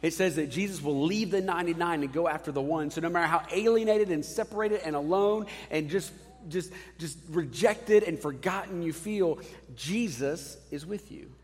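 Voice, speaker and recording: A man in his thirties, a pastor, preaching a sermon in a conversational, animated way with casual asides. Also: fairly high pitch, moderate pace, long reverb tail.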